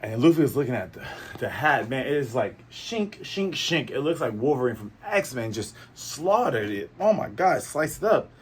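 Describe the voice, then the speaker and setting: A man hosting a manga review channel chats casually through a comic chapter, rambling and playful, speaking to his viewers with plenty of fillers and asides. His husky, mid-range voice is very animated at a moderate pace.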